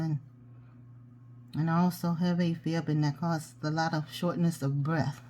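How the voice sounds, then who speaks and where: Mellow low-voiced woman teaching crafts. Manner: chatty, talks to herself while working. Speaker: jewelry-making tutorial host. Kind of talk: casual step-by-step craft tutorial.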